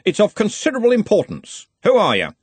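A booming, jovial old wizard chief, put on by a male audiobook narrator. He barks orders cheerfully, his voice leaping up and down, with a husky edge, close and dry. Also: wildly swooping pitch, fast talker, dry recording, exaggerated voice. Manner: loud, jovial, commanding.

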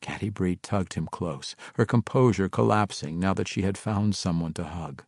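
A man narrating a fantasy audiobook in a measured, even storytelling manner. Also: deep voice, husky, no echo, clean studio sound.

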